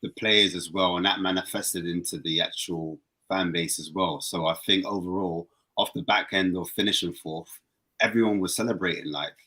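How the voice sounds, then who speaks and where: Appearing as a football fan guest on a casual podcast, a man talks at a moderate pace. He is animated and excitable, and his voice jumps higher when he gets worked up.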